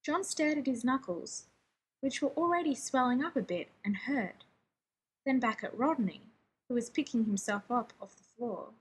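A woman narrating a story aloud in a steady, expressive reading. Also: a little high, normal speed, slightly rough, rough recording. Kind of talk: fan fiction audiobook reading.

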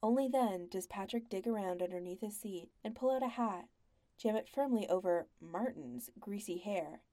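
Woman, audiobook narrator, measured, mellow warm tone, gravelly. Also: medium pitch.

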